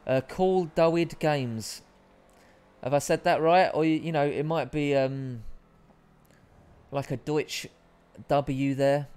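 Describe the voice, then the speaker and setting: A man's voice: mid-range voice, fairly even intonation, a little slow, darkish tone, clear, resonant tone. A man hosting a live stream, chatting casually with viewers and reading out their comments, with a rambling, self-deprecating manner.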